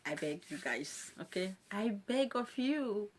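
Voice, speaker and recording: A woman's voice: medium pitch, very animated, unhurried, a little hiss or hum. A woman with a Nigerian accent, a social media presenter ranting on a live video, mocking and scolding her callers and laughing often between lines.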